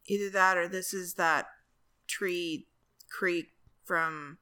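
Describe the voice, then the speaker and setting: A young woman co-hosting a podcast, reading an old newspaper story aloud and joking playfully between passages. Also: lowish voice. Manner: expressive, playful, quick to laugh. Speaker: podcast co-host.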